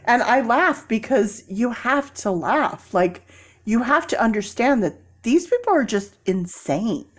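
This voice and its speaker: A woman vlogging in a casual, animated storytelling way, acting out people in quoted voices and laughing often. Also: a little high, a little slow.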